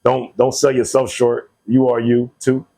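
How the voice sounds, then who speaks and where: A man's voice: medium pitch, completely flat delivery, a little slow, creaky, dark tone. A man hosting a podcast, talking in a casual, earnest way and telling stories from his own life. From Connecticut. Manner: earnest, storytelling, laughs easily. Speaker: podcast host. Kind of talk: casual conversation.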